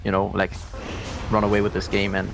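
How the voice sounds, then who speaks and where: Low gravelly guy doing esports analysis, lots of ums, thinks out loud. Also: completely flat delivery, a little fast, over music. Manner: thoughtful, hesitant, lots of fillers. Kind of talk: color commentary.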